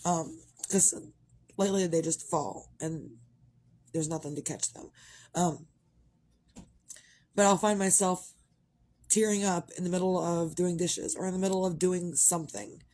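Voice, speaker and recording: A woman's voice: fairly low pitch, steady tone, unhurried, long pauses, dark tone. A middle-aged woman, talking frankly in a rambling, casual monologue and swearing freely. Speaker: vlogger.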